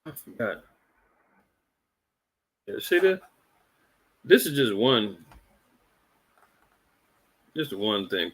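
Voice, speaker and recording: A man's voice: mid-range voice, fairly bright tone. A man hosting a religious commentary podcast, talking in an indignant, preachy way and rambling with repeated words. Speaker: podcast host.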